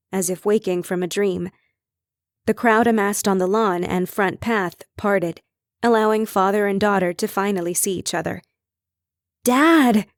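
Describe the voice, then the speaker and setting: A woman reading an audiobook in measured, even scripted narration. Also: mid-range voice, no echo, clean studio sound.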